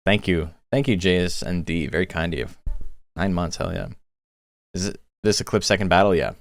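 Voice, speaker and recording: A man hosting a live stream, giving casual commentary on monster battles in a relaxed, chatty way and laughing as he tells stories. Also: sits low, a little fast, creaky.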